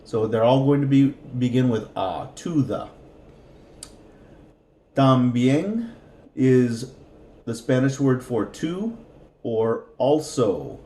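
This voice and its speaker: A man's voice: medium pitch, expressive, takes it slowly, pauses often, mellow, roomy sound. A man teaching a language lesson, patiently repeating each word for practice. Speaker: Spanish teacher.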